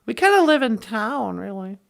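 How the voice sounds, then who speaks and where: A woman's voice: a little high, very animated, normal speed, creaky. A woman co-hosting a casual vlog, teaching an Ojibwe phrase of the day in a playful, goofy way and laughing often.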